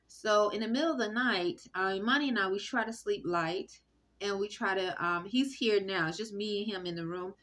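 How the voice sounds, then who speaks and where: A woman talking to the camera in a rambling personal monologue, halting often with fillers and restarts, recorded on a phone in an indoor room. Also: medium pitch, a bit bright. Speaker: vlogger.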